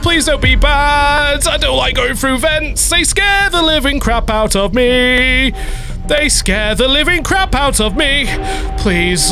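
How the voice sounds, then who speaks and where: Young male gamer, panicky horror let's play host, swears a lot and screams, voice leaping all over. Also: very high-pitched. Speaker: gaming video host. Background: game music.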